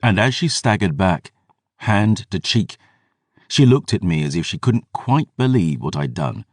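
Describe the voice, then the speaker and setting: A man doing measured, dramatic scripted narration for a fantasy audiobook. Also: sits low, sing-song, no echo, clean studio sound.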